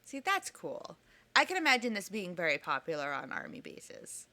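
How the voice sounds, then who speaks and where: A woman co-hosting a podcast in casual chat, emotional and expressive, laughing often. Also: lowish voice, normal speed. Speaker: podcast co-host.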